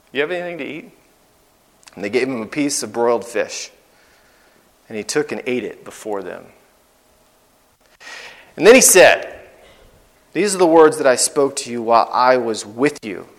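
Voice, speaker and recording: A man preaching a sermon as guest preacher, in a conversational, animated way with lots of asides and fillers. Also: high voice, big-room sound.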